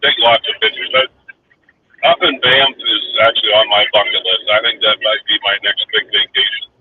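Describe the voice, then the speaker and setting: A man's voice: lowish voice, fairly even intonation, moderate pace. A man hosting a livestream, telling a rambling anecdote in a casual chat with lots of fillers. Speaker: livestream host. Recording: distant tinny phone-like line with faint hiss.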